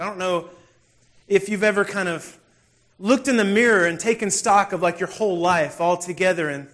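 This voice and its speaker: Pastor; lively, self-mocking storyteller with a fairly high voice. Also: male voice. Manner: animated, self-deprecating, acts out scenes. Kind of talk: humorous storytelling sermon.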